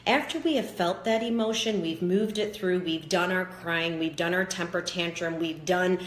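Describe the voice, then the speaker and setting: A woman giving a guided self-help talk, calm, encouraging and instructive as she walks listeners through steps. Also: lowish voice, normal speed. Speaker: wellness teacher. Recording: echoey room with faint background noise.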